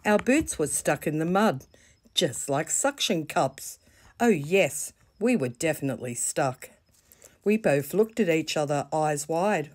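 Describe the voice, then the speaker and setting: In a low voice with an Australian accent, a woman reads a children's bedtime story, slow and gentle, with soft pauses between phrases. Her delivery is animated but stays soft and deliberate throughout.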